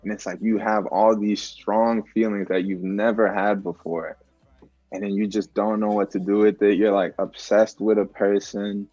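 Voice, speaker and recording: Soft music plays faintly behind a young man, a musician guest, who talks reflectively and calmly in a casual video-call interview, full of fillers and frequent "like"s. His voice is fairly low-pitched at a moderate pace. The dull lo-fi call audio has no room sound.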